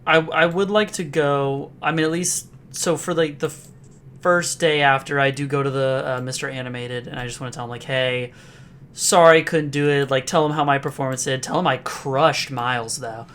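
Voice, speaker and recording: A player in a tabletop game, talking in an excitable, rambling way while in character. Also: medium pitch, moderate pace, smooth. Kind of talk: tabletop role-play, in character.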